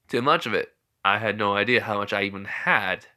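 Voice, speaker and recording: A man's voice: on the low side, brisk, bright, forceful tone. Man rambling through a fan story. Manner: rambling, casual, many fillers. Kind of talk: improvised fan-fiction narration.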